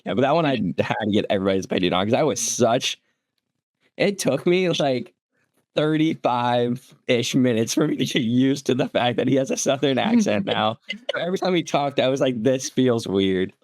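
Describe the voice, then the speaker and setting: Young man with halting podcast chatter. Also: mid-range voice, animated, no room sound, clean studio sound. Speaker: podcast co-host. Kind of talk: casual movie review chat.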